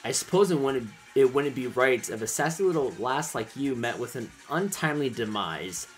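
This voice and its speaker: A man's voice: medium pitch, lively intonation, moderate pace, faint music behind, natural voice. A man voicing a pompous, scheming male villain commander in a game, mocking and menacing.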